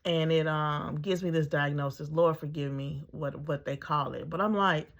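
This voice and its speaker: A woman's voice: low voice, moderate pace, few pauses. A middle-aged woman, a mother, telling her own story in a casual, conversational way, full of ums and acting out her own thoughts.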